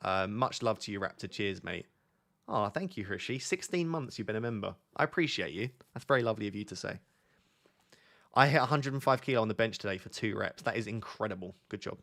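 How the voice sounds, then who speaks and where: A man's voice: lowish voice, animated, fairly quick, fairly bright tone. A young man hosting a livestream in casual chat, laid-back and joking, rambling with lots of fillers. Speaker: livestream host. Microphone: on a mic near the camera.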